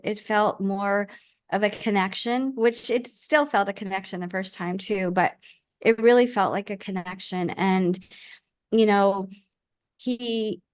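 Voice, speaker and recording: A woman's voice: medium pitch, clear, resonant tone, dry recording. Earnest middle-aged woman, dry close sound. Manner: earnest, heartfelt, frequent restarts. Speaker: podcast guest, author and life coach. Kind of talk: casual interview conversation.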